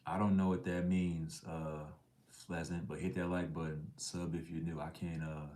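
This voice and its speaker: A middle-aged man with a very low voice hosts a casual livestream. He reads out chat messages in a laid-back, slangy way and now and then drops to a whisper for an aside. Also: flat delivery, moderate pace, warm tone. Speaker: livestream host reading chat.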